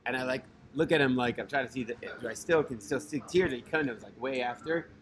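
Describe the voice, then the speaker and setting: A man's voice: medium pitch, fast. A man telling a personal religious story in a loose, conversational way, full of fillers and restarts and sprinkled with Hebrew terms. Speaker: storyteller host. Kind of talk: casual spoken storytelling.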